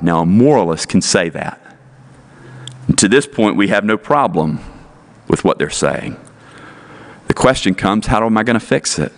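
A man's voice: fairly low pitch, expressive, normal speed, long pauses. A male pastor preaching a sermon in an earnest, emphatic way, pressing his points with repeated rhetorical questions.

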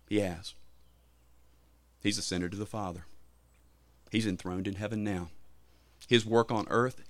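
A man's voice: on the low side, no room sound. Impassioned man preaching a sermon. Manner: impassioned preaching, emphatic repetitions, sudden swells in loudness. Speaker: pastor.

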